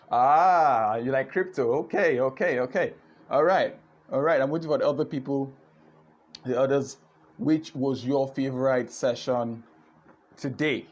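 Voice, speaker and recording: A man with a Nigerian accent hosts a live online business session, talking in an animated way and repeating his words. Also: medium pitch, muffled recording. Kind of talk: lively live-stream talk.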